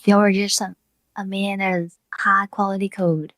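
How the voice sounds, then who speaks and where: A woman guest on a coding stream, explaining ideas helpfully with quick agreeing interjections. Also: medium pitch, little pitch movement, fairly bright tone, no echo. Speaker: guest programmer. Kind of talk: casual coding chat.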